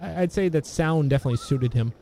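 A man chatting casually about old films, meandering and halting, often restarting his sentences. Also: a little high, noisy background. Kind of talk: casual film discussion.

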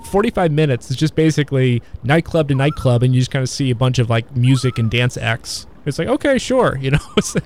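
A man in casual conversation about old films, talking in a halting, rambling way with many fillers and restarts. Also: medium pitch, a little mellow, slight background noise. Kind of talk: casual film discussion.

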